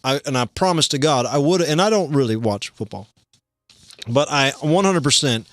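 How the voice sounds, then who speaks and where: A man hosting a livestream comedy show, rambling and deadpan, contradicting himself as he goes. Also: medium pitch, normal speed, no room sound.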